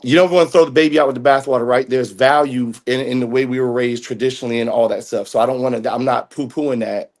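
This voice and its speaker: A man's voice: medium pitch, steady tone, fast, few pauses. A man in casual chat, talking thoughtfully and hedging his points. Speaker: guest.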